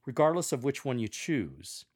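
A man giving measured, earnest instruction on how to read scripture aloud to a congregation. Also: medium pitch, very animated, breathy edge. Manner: measured, earnest, with demonstrated readings. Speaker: lector coach.

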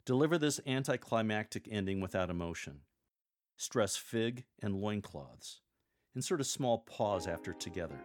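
Low-pitched male host, deliberate and emphatic coaching delivery with a playful streak. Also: animated. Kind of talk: instructional podcast on scripture reading.

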